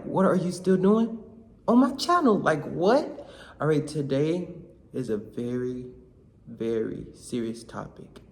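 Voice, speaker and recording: A young man vlogging, telling a comic story in casual slang with animated bursts. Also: fairly high pitch. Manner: animated, slangy, shouts in quoted lines. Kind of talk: comedic storytelling vlog.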